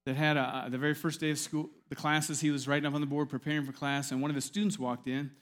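A man's voice: fairly high pitch, flat delivery, fast talker, a bit bright. A man preaching a sermon as pastor, emphatic and repetitive, weaving in stories.

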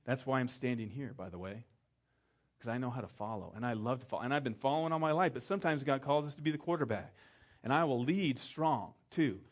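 A middle-aged man, a pastor, preaching a sermon in a conversational storytelling way, acting out the people he quotes and dropping soft for emphasis. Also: mid-range voice, quick pace.

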